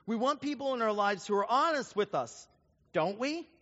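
A man's voice: very high voice, moderate pace. A man preaching a sermon as pastor, telling stories and acting out the voices of the people in them. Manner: storytelling, animated, acts out quoted voices. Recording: dull sound with long hall reverb.

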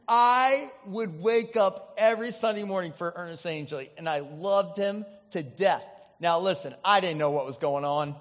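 A male pastor from the US Midwest preaches in a chatty, animated storytelling style full of asides. His voice is high. It echoes with a long church-hall reverb, and the recording is dull. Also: moderate pace. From Indiana, US Midwest. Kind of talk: storytelling sermon.

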